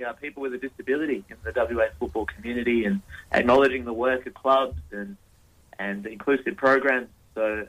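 A man's voice: medium pitch, a bit bright, poor audio. A man speaking as a guest on a radio show, earnest and peppered with uhs and ums. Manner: earnest, many uh and um. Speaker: football engagement lead, guest. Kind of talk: radio interview.

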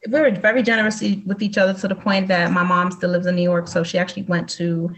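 A woman with a slightly low, husky voice who tells stories with energy. She acts out each person's lines in quotes as she speaks, in a casual interview. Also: fast talker, rough recording. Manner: animated, acts out dialogue in storytelling. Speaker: guest, psychic medium. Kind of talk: conversational storytelling.

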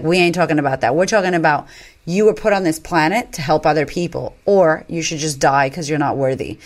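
A woman in her thirties telling stories candidly as a podcast guest, swearing freely and acting out what people said. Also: low-pitched. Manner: animated, swears freely, acts out quotes. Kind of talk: candid conversational storytelling.

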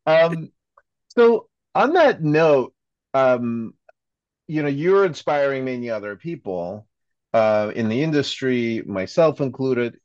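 A man's voice: mid-range voice, sing-song, slow, a little mellow, no echo. A man hosting a podcast, asking his guest questions with lots of restarts and fillers. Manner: hesitant, filler-heavy questioning. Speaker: podcast host. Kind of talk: interview questions. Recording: dull, dry lo-fi audio.

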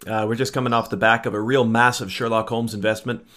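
A man's voice: mid-range voice, flat delivery, fast, fairly bright tone. A man hosting a casual podcast, chatty and upbeat, talking loosely with plenty of filler words. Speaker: podcast host.

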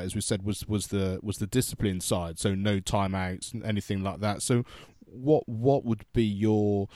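Male host, very deep, dry close sound, rambling hesitant questions. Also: darkish tone, dry recording. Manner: rambling, hesitant, many restarts. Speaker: interview host. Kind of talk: conversational interview questions.

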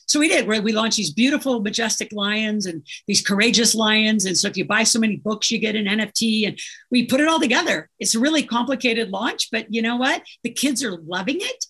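A woman's voice: on the high side, expressive, a little fast, fairly bright tone, slightly rough. A middle-aged woman, a guest author, chatting casually and telling stories with enthusiasm. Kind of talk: casual interview chat.

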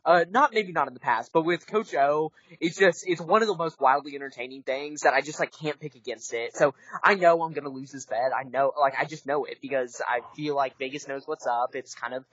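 A man on a podcast, animated and incredulous, rambling casually about college football bets. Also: on the high side, fairly quick, few pauses, no echo. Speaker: podcast co-host. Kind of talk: casual sports-betting chat. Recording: dry, muffled close-mic podcast audio.

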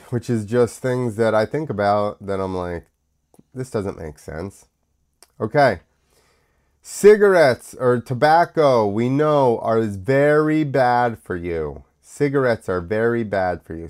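Slow-talking American man with a cough. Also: medium pitch. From United States. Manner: rambling, with many fillers and restarts. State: coughing, sick. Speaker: podcast host. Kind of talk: casual solo talk show.

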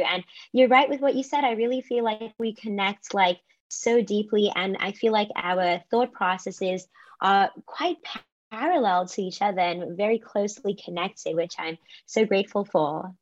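A woman's voice: medium pitch, moderate pace. Grateful woman guest, muffled sound. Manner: warm, grateful, earnest. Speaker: podcast guest, speaker. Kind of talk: casual podcast interview.

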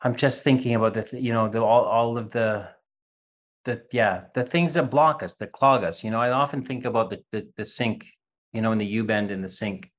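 Earnest man with a low voice. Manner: earnest, halting, many restarts; acts out voices in a parable. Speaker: interview guest. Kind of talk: candid conversation about recovery.

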